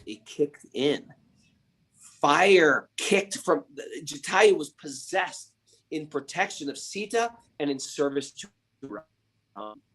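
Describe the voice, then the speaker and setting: A man hosting a spiritual podcast, retelling stories with emphatic rhetorical questions. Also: a little high. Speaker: podcast host. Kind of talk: spiritual storytelling and teaching.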